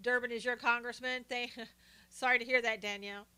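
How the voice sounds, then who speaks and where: An older woman talks through a casual political livestream, greeting viewers by name between points. Her voice sits high and carries a bright, forceful edge. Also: fairly even intonation, a little fast, clean tone. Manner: chatty, greets viewers by name while talking. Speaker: live stream host.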